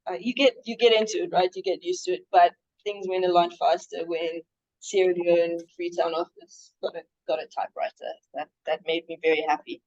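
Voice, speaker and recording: A woman's voice: mid-range voice, a little mellow. A woman historian answering questions at a seminar in a chatty way, with many restarts and some laughter. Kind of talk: academic seminar Q&A. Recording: dull lo-fi sound.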